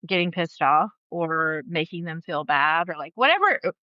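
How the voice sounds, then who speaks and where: A woman talking casually as a podcast guest, chatty and quick to laugh, with lots of "like" in her speech. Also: sits low, lively intonation, no echo, muffled recording. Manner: chatty, laughs often, fillers like "like". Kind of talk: casual chat.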